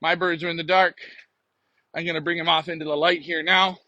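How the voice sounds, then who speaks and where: A man's voice: on the high side, little pitch movement, fairly quick, bright, forceful tone, lo-fi sound. A man hosting a pigeon racing live stream, joking and rambling to viewers as he walks out to his backyard loft at night. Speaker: pigeon racing show host. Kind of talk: casual live-stream chat.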